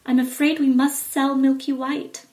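A woman voicing a poor, quick-tempered mother in a storybook, talking in a sharp, loud, scolding way. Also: high-pitched, little pitch movement, recorded from a distance, pitched above the performer's own voice. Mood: worried. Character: stern poor mother, middle-aged, quick to anger.

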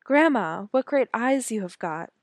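A woman doing a curious little girl from a storybook, her voice lifting high and wide-eyed. It is recorded close and dry, with no room sound at all. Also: animated, measured pace, dry recording. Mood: amazed. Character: curious young girl in red hood.

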